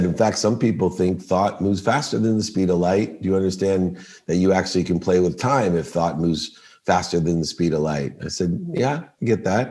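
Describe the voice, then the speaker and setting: A middle-aged man with a low, deep voice tells a story on a podcast. He is animated and acts out each person's lines as he goes. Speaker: podcast guest. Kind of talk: storytelling in a casual interview.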